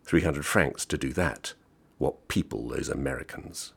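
A man's voice: very deep voice, unhurried, creaky, breathy edge, heavily acted. A man reading as a prim young waitress. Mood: scornful. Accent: speaks English as a foreign tongue. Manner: polite, formal, refusing. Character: young Swiss woman, station cafe waitress, prim. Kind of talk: audiobook reading.

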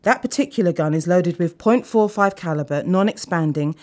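A woman voicing a male crime boss who speaks softly, slickly and with menace. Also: on the low side, fairly quick, close to an everyday voice. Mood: silky.

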